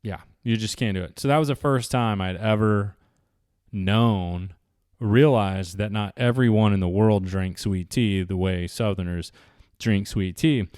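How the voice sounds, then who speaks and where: A man's voice: fairly low pitch, unhurried, darkish tone, clear, resonant tone, no room sound, studio quality. A man, telling rambling travel stories to camera in a casual, chatty way. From Southeastern United States. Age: 40s. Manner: rambling, chatty, with many restarts and fillers. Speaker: vlogger. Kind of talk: casual storytelling.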